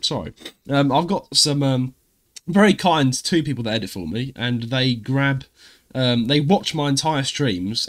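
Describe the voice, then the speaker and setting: A man's voice: mid-range voice, a bit bright. A man co-hosting a gaming podcast in casual chat, rambling with many fillers and restarts. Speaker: podcast co-host and streamer.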